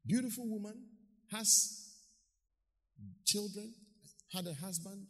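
A male pastor preaching a lively sermon, acting out quotes and pausing for his interpreter. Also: high voice, big-room sound. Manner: animated preaching, acts out quotes, pauses for interpreter. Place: church hall.

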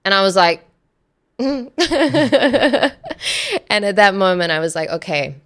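A woman guest telling a personal story in casual chat, animated, acting out quoted dialogue and laughing often. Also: fairly low pitch, moderate pace, smooth. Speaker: podcast guest.

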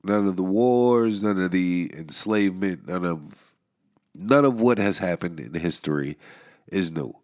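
A man's voice: sits low, measured pace, a little mellow. A man hosting a podcast in a casual monologue, nasal and stuffy from a cold, rambling wryly and chuckling between thoughts. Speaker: podcast host. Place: New York area.

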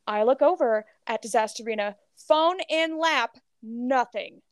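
Woman podcast co-host, high bright-sounding register, dry close sound, breathless gossipy storytelling. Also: unhurried, clean tone, no room sound. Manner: animated storytelling, heavy filler "like", swears freely. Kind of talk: casual gossip chat.

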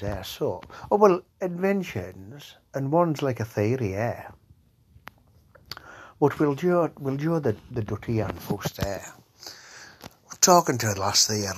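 A man's voice: fairly low pitch, breathy edge. A man with a Cumbrian accent, who has a cold, rambling crudely as the host of a comedy podcast and often trailing off into mutters. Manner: swearing, dialect-heavy, trails off into mutters. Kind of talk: rambling crude comic monologue.

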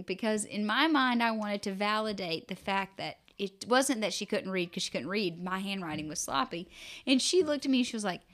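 A woman's voice: medium pitch, fairly quick. A woman in her thirties co-hosting a podcast, telling family stories in casual chat and acting out what people said. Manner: animated storytelling, acts out quotes. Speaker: podcast co-host.

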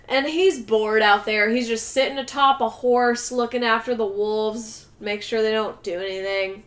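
A young adult woman talks through a movie scene by scene in a casual chat. Her voice sits high and rings bright, and she keeps slipping into lively impressions of the characters. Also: normal speed, hardly any pauses. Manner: lively storyteller who acts out the characters' lines. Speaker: podcast co-host.

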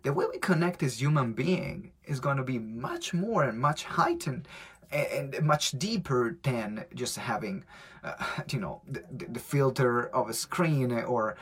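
A man's voice: medium pitch, measured pace. A man with an Italian accent, hosting a motivational live stream as a business coach, telling stories energetically and acting out quotes. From Italy. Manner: energetic, animated storytelling with acted-out quotes.

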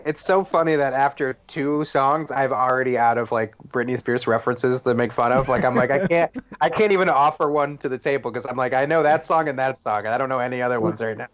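A man co-hosting a comedy podcast over a video call, telling stories in an animated way and acting out quotes, with lots of "like.". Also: mid-range voice, a little fast, hardly any pauses. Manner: animated storytelling, acts out quotes, frequent "like". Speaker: podcast co-host. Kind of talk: casual comedic chat. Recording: dull lo-fi call audio.

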